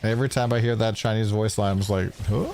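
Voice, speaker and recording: A man's voice: on the low side, level tone, quick pace, background noise. A man streaming a game, talking loosely and casually with his chat, swearing freely as he explains his play. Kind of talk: casual livestream gameplay commentary.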